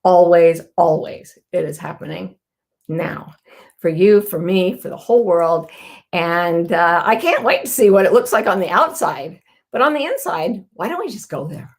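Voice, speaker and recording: A middle-aged woman with a lowish, expressive voice hosts a casual live talk at normal speed. Warm and earnest, she tells stories and acts out the people she quotes in their own voices.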